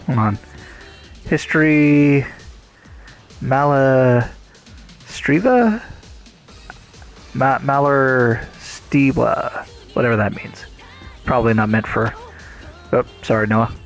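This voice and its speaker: A man's voice: medium pitch, normal speed, pauses often, faint music behind. A man giving casual, enthusiastic let's play commentary and swearing freely. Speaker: game streamer.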